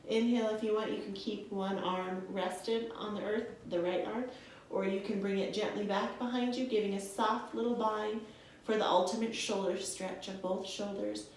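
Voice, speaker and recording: A woman's voice: medium pitch, fairly even intonation, normal speed, a little mellow, a little hiss or hum. A young woman teaching a guided yoga class, speaking in a soothing, encouraging way and calling her listeners friends. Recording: echoey room from a distance.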